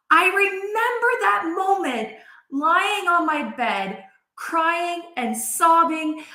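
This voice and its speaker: Woman, forties, animated chatty host, bright tone, roomy echo. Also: sits high. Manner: chatty, animated, acts out quoted voices. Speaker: life coach hosting a live video. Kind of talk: casual storytelling to viewers.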